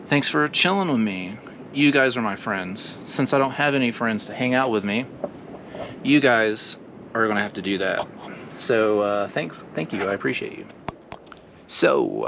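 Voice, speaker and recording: A man vlogging casually while camping alone, talking slowly and loosely with lots of fillers. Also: medium pitch, creaky, fairly bright tone, slight background noise. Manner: slow, rambling, laid-back talk with many fillers. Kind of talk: casual solo camping vlog. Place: outdoors at a windy campsite.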